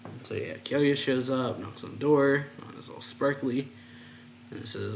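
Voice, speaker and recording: Casual male host reading a manga recap aloud, mid pitch, easygoing. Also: unhurried, creaky, reverberant, slight background noise. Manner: loose narration, strings lines with "and so, yeah". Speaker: reaction channel host. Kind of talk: casual manga read-along.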